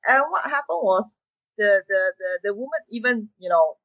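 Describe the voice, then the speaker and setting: A woman's voice: medium pitch, lively intonation, moderate pace, a bit bright, no echo, highs cut off. A woman hosting a podcast interview, speaking in a hesitant way and often repeating words as she goes. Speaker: podcast host. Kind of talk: casual interview chat.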